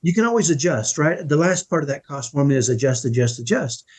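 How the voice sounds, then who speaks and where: A middle-aged man with a somewhat high, husky voice talks as a guest in a conversational interview. He speaks earnestly and with emphasis, often checking in with the listener. His tone is that of a parenting coach explaining a point. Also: big pitch swings, fast talker, darkish tone. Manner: emphatic, earnest, keeps asking "right?".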